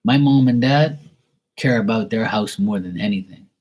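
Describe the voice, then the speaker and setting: A man's voice: fairly low pitch, normal speed, a little mellow, slightly rough, rough recording. A man giving a casual live-stream psychic reading, talking bluntly and emphatically with plenty of swearing. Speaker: psychic tarot reader.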